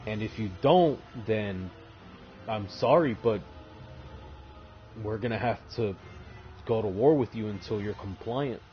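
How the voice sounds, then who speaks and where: A man voicing a male warlord commander in his own casual, laid-back way, calmly persuading a planet to surrender. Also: on the low side, unhurried, long pauses, muffled recording, soft background music, natural voice. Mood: persuasive.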